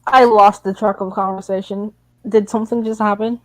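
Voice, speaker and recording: A woman's voice: mid-range voice, fairly even intonation, moderate pace, dry recording, rough recording. A woman plays a tabletop game, asking hesitant questions about the scene. Her voice sounds dry and close to the microphone. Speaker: player. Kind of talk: casual tabletop play.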